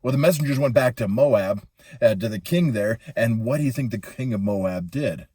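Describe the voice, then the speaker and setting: A man telling a Bible story to children in an animated, playful way. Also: medium pitch, normal speed, breathy edge, no room sound, studio quality.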